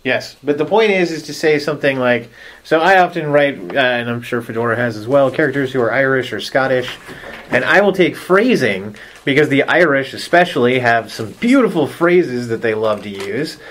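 A man speaking at an ordinary middle pitch, talking through his points on a writing podcast with emphatic, agreeable energy. He explains at length in a casual panel chat. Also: expressive, normal speed, fairly bright tone. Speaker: podcast co-host, writer.

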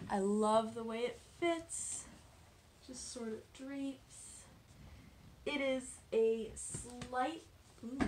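A woman's voice: medium pitch, a little hiss or hum. Chatty woman hosting a knitting show. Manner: chatty, self-deprecating, drops to soft asides. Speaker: knitting podcast host. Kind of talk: casual show-and-tell chat.

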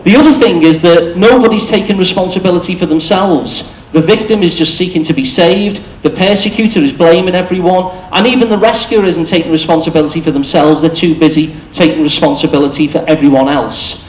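A man's voice: a little high, fairly quick, few pauses, slight background noise. A man giving a short, chatty talk to an audience in a cafe, explaining ideas and acting out quoted lines. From England. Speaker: speaker. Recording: echoey room.

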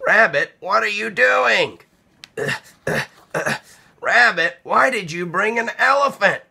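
A man doing a high, fretful little storybook mouse. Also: animated, slow pace, creaky, sharp tone, breathy edge, exaggerated voice. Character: small anxious male mouse, exasperated friend.

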